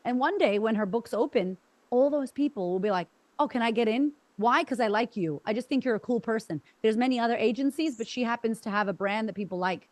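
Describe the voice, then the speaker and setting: Animated Australian woman trainer. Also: on the high side, fast talker, no room sound. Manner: enthusiastic, animated storytelling. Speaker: sales trainer. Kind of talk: online training call. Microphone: video call.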